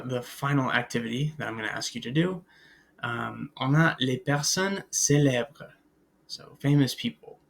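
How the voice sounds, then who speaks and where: A man with a gravelly edge to his mid-pitched voice teaches a recorded beginner French lesson. He explains in relaxed English, full of "uh"s and "um"s, and stops to say French words and phrases aloud for students to repeat. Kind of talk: recorded language lecture.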